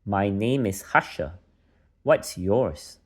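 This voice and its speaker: A man's voice: on the low side, expressive, takes it slowly. A father voicing a thin, fierce old man from a fairy village who scolds a noisy boy. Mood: scolding. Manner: hissing, scolding. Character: thin fierce old male hushing brownie.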